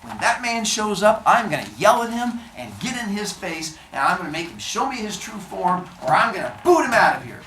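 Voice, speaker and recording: Sassy, fuming young woman, high and punchy, voiced by a male teacher; echoey room, distant mic. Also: sing-song, normal speed, few pauses, fairly bright tone, slight background noise, full character voice. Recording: echoey classroom, mic far off.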